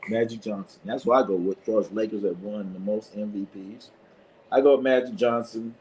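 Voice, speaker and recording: A man's voice: fairly low pitch, steady tone, a little fast, darkish tone, a little hiss or hum. A man hosting a live sports stream, talking loosely in casual chat, blunt and profane, laughing often. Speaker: sports show host.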